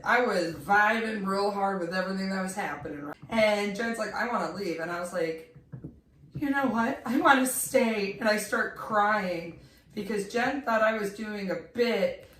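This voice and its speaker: A woman's voice: medium pitch, moderate pace. A young woman casually telling a funny story, acting out quotes and laughing as she talks. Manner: animated, laughing, acts out quotes. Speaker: storyteller co-host. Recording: roomy, distant mic, faint noise.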